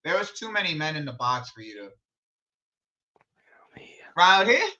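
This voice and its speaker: Picture a young man riffing through a live football watch-along, loose and slangy, tossing in "bro" and laughing between thoughts. His voice sits fairly high and sounds bright and forceful. It comes through a slightly muffled, lo-fi mic. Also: fast. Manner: animated, slangy, says "bro" a lot, laughs often. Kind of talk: casual live commentary chat.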